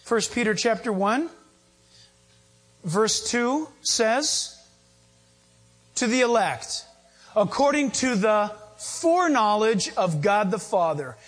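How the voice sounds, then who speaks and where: High-voiced husky preaching man. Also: lively intonation, slow pace, long pauses, soft background music. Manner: conversational preaching with sudden high-pitched emphatic bursts. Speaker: pastor. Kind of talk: sermon. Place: church with live audience.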